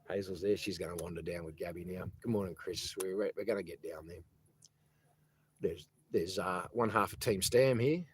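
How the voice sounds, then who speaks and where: A man's voice: sits low, moderate pace, low-quality recording. A man with an Australian accent talks casually into his phone outdoors. His delivery rambles and circles back on itself as he repeats words and greets viewers by name. A faint hiss sits under the voice. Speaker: live streamer and protest organiser. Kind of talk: casual live-stream chat. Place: outdoors on a sunny day.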